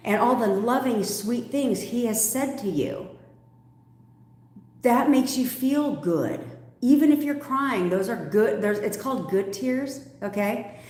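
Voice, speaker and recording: A woman coach answering viewer questions on a livestream, blunt and animated, swearing freely and laughing often. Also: medium pitch, reverberant. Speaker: manifestation coach.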